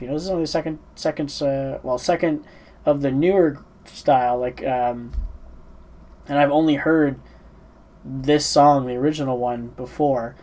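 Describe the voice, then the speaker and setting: Poor audio captures a man with a mid-range, dark-toned voice reacting to a song for his music reaction channel. He's sleepy and yawning, his casual commentary rambling and hesitant, full of fillers and false starts.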